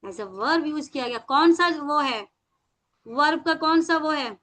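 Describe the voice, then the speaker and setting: Over a video call, a woman teaches an English class in Indian English, mixing in Hindi and drawing words out slowly for her students. Her voice sits high, animated and sharp.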